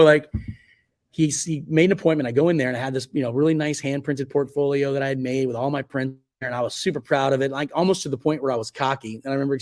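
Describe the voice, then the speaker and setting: A middle-pitched man in his forties talks through his past in a casual interview. He rambles, restarts sentences and leans on fillers like "like" and "you know". When he quotes other people, his voice jumps up high. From Virginia Beach, United States. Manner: chatty, rambling, many fillers and self-corrections; acts out quoted speech in a much higher voice. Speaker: guest photographer.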